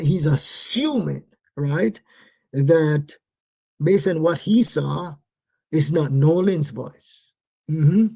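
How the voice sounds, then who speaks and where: A livestream commentator speaking casually and rhetorically, often checking in with "right?" and slowing down to stress key words. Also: mid-range voice, vocal fry, mellow, breathy edge. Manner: rhetorical, repeatedly asks "right?" and "yes?".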